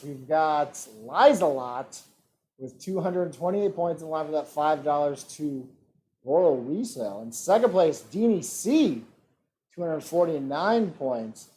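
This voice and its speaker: A man hosting an online trivia game. He reads out multiple-choice questions and adds relaxed joking asides. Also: on the high side. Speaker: trivia quiz host.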